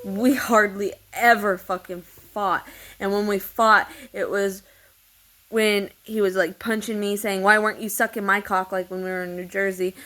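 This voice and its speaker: A woman's voice: medium pitch, fairly even intonation, unhurried, fairly bright tone, poor audio. A woman telling a long personal story in a meandering, repetitive way, swearing freely. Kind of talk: rambling personal monologue.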